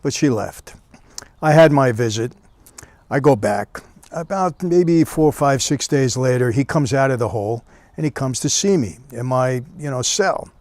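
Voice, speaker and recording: A man recounts a personal story in a relaxed, conversational manner, sprinkling in "you know" as he goes. His voice sits in an ordinary middle pitch. The recording is dry and close, with no room sound. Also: unhurried, dry recording. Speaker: storyteller recounting prison years. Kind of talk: casual spoken storytelling.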